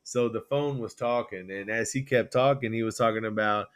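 A man co-hosting a political podcast, rambling and animated as he retells stories with quoted voices. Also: on the low side, moderate pace, smooth. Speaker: podcast co-host. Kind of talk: casual political chat.

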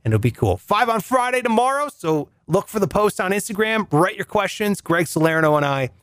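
A man with a high-pitched voice hosting a podcast, chatting casually and reading out listener shout-outs. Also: sing-song, brisk, dry recording, studio quality. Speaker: podcast host.

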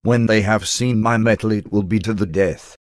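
A mighty green warrior, fearless and grave, as a man reads him in a fairly low voice. His words come resolute and dry, close to the mic, as in an audiobook. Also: steady tone, moderate pace, no echo, lightly acted.

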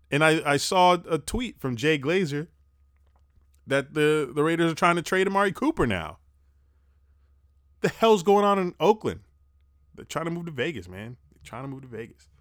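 A young man hosting a casual football recap podcast, talking fast, animated and profane, breathing heavily into a close mic. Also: fairly high pitch, no room sound. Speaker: sports podcast host.

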